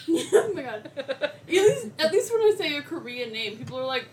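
A young woman co-hosting a podcast in casual chat, with a laid-back, slangy way of talking and quick asides. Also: high-pitched, sing-song, slight background noise. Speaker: podcast co-host.

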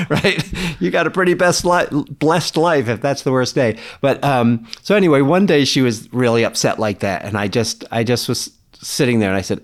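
A man talking in a relaxed, earnest way about parenting and mentoring, often quoting people. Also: mid-range voice, normal speed, hardly any pauses. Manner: earnest, reflective, quotes others in animated voices. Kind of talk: casual conversation.

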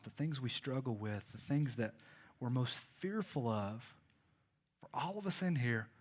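A man preaching a sermon, conversational and joking and calling on the congregation to respond. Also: medium pitch. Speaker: pastor.

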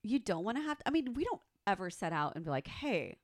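A woman in her thirties telling a story in casual chat, animated and profane, acting out the quotes. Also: medium pitch, fast talker, no echo, clean studio sound. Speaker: podcast co-host.

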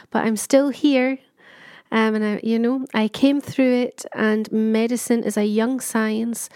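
A middle-aged woman speaks in a candid, chatty personal monologue, her voice sitting a little high. She circles back often with fillers and restarts. The sound is dry and close, with no room around it. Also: darkish tone, no room sound. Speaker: patient telling her story.

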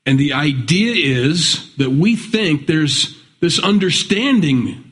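A man's voice: a little high, lively intonation, slow pace, fairly bright tone. A man preaching a conversational sermon as pastor, reading scripture and rising into emphatic pleas.

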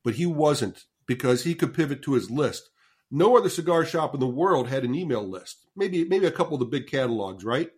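Animated older man telling a story. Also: medium pitch, a little fast, slightly rough. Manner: animated storyteller, stumbles and repeats words, swears casually. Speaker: guest, marketing consultant. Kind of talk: casual storytelling interview.

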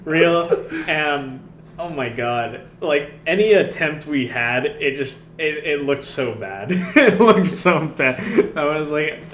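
A man's voice: fairly high pitch, lively intonation, fairly bright tone, slight background noise. Rambling young man in an echoey room. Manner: rambling, halting, many fillers, laughs. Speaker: co-host recapping their web series. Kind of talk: casual chat.

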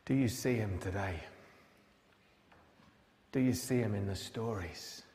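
A man's voice: fairly low pitch, measured pace, a little mellow. A male pastor preaching a sermon. He retells a Bible story dramatically and asks many rhetorical questions. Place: large church. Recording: long church reverb.

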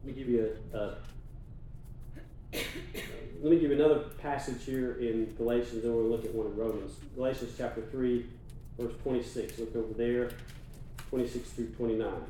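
A man preaching a sermon, reading scripture aloud slowly and pressing each phrase for emphasis. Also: mid-range voice, fairly even intonation, mellow, a little hiss or hum. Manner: asks the congregation to read along aloud. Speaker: pastor. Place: church sanctuary. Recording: echoey sanctuary, mic heard from a distance.

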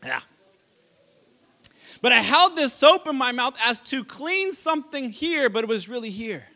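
A man preaching a sermon as pastor, telling a childhood story with animated delivery and laughter. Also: very high voice, a little slow.

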